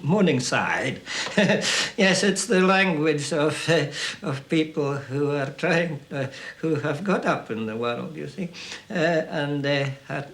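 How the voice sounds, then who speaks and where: A man speaking wryly and hesitantly, with many pauses. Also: fairly high pitch, fairly bright tone. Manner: wry, hesitant, mocking.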